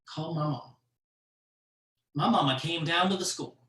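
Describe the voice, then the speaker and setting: A comedian telling stories on a virtual show, in an animated way with frequent laughs. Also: medium pitch, normal speed, pauses often, distant mic. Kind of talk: stand-up storytelling on a virtual show. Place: room at home for a virtual show. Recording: echoey room, off-mic.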